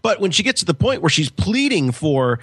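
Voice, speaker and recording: A man hosting a podcast, chatting in an enthusiastic, lively way. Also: sits high, moderate pace, slightly rough, no echo. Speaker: podcast host. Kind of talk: casual chat.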